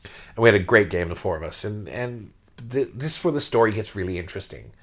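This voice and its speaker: A middle-aged man hosting a podcast, telling a story in a casual, excitable way that often repeats words and restarts. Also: on the low side, fast talker. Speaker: podcast host.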